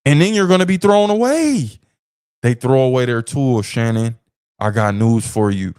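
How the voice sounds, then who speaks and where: A man hosting a podcast, giving opinionated commentary in an animated way, repeating phrases for emphasis and laughing between points. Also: mid-range voice, moderate pace, smooth, no room sound, studio quality. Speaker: podcast host.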